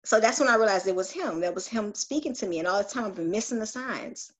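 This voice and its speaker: A woman's voice: medium pitch, animated, quick pace, breathy edge. A woman earnestly sharing a personal spiritual story on a group call, confessional and searching, with frequent restarts.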